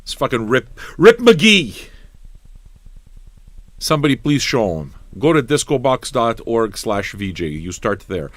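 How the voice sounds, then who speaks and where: A man's voice: mid-range voice, lively intonation, moderate pace, hardly any pauses, dry recording. A man hosting a live-streamed record show, talking in a rambling, profane, mock-ranting way to his chat. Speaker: livestream DJ host. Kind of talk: casual live radio banter.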